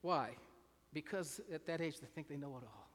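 A man with a slightly high voice preaches a sermon in an earnest, searching way. He often restarts his phrases, repeats words, and puts questions to his listeners. The sound carries a long reverb, as if he is recorded in a large hall. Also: moderate pace.

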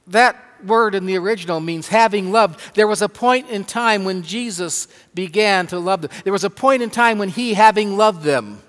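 A man preaching a sermon as pastor, slow and emphatic, stressing words with pauses. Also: sits high, a bit bright. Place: church sanctuary. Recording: long hall reverb.

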